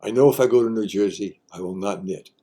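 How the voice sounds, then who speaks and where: A man's voice: on the low side, fast talker, mellow. An older man hosting a casual explainer, talking in a folksy, wry way with joking asides. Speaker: host.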